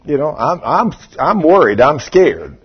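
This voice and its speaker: A man's voice: a little high, sing-song, a little slow, husky. An older man preaching a sermon, telling a folksy story and acting out what people said. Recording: dull lo-fi sermon recording.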